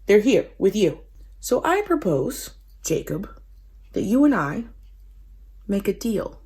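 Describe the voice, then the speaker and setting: A woman's voice: mid-range voice, very animated, slow pace, a little mellow, breathy edge, exaggerated voice. A woman voicing an angry old father-in-law who accuses and bargains, raising her voice in indignation. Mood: grudging.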